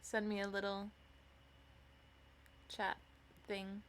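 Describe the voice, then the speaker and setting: A woman's voice: medium pitch, completely flat delivery, slow, slight background noise. A sleepy woman streamer chatting casually with her viewers in a rambling, self-mocking way before reading a novel aloud.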